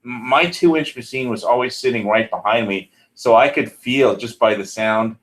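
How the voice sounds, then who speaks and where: A man in casual chat, a recording engineer who rambles excitedly and trails off mid-sentence. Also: mid-range voice, normal speed.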